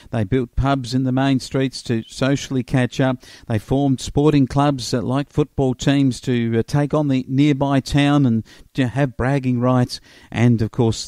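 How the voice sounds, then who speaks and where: A man's voice: medium pitch, warm tone, dry recording, clean studio sound. A middle-aged Australian man, a radio host, giving a rambling commentary full of filler words. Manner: rambling, many filler uhs.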